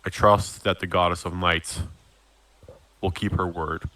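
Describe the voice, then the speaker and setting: A man voicing a stern, formal captain in a tabletop game, speaking low and measured. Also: little pitch movement, bright, forceful tone. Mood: solemn.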